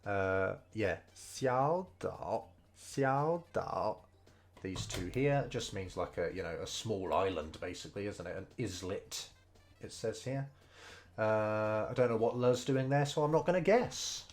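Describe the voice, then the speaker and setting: A man casually thinking aloud as he studies Mandarin over gameplay, hesitant and full of fillers. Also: on the low side. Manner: slow, unhurried delivery. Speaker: streamer learning Mandarin. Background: faint game music.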